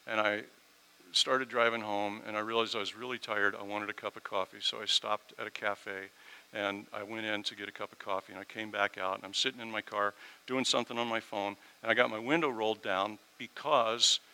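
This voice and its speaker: A middle-aged man preaching a sermon, telling a personal story and swinging from quiet asides to loud, emphatic peaks. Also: lowish voice, steady tone, a little fast, clear, resonant tone, poor audio. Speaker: pastor.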